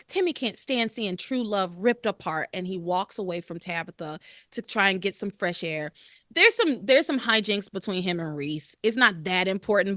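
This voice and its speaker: A woman hosts a casual podcast, her voice swinging widely in pitch as she acts out bits of the story. Her tone is bright and crisp, recorded dry with no room sound. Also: no room sound. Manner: animated, laughs often, acts out characters' lines. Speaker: podcast host. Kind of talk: casual recap chat.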